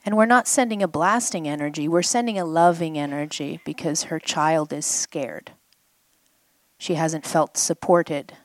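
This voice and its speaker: A woman's voice: sits low, unhurried, dry recording. A woman healing coach guiding a participant through an exercise at a live event, coaxing and repeating phrases for the listener to say back. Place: live event before a group.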